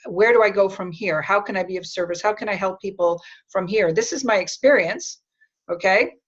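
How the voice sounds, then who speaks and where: A woman's voice: mid-range voice, moderate pace, highs cut off. A woman hosting a writing webclass, coaching participants in an encouraging, reassuring way over a video call.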